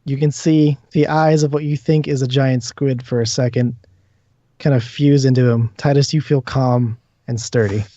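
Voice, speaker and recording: A man's voice: medium pitch, fairly even intonation, moderate pace, warm tone, no echo. Man narrating as game master. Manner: descriptive, hesitant when ruling. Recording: dull dry audio.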